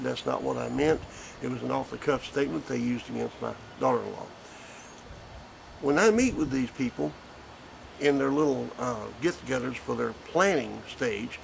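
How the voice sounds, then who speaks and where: A man's voice: mid-range voice, gravelly, slight background noise, poor audio. A man, a grandfather speaking bluntly and indignantly in a recorded statement. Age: 50s. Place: porch outdoors.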